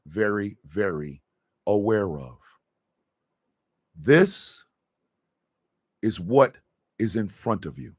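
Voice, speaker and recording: A man hosting a radio show, delivering an impassioned, profane rant that swings from a low intense murmur to shouting. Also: dry recording, studio quality.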